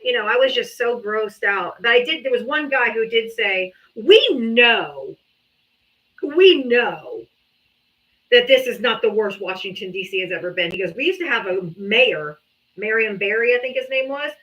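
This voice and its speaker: A woman hosting a live political call-in stream tells stories bluntly and swears freely. Her voice is fairly high and very bright. The audio is a bit dull and lo-fi. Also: normal speed. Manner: blunt, profane, animated storytelling. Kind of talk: casual live-stream talk with callers.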